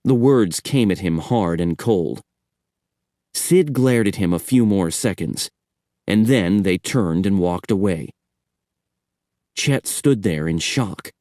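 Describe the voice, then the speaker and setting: A man narrating a horror audiobook in a measured storytelling manner. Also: low voice, animated, mellow, dry recording, studio quality.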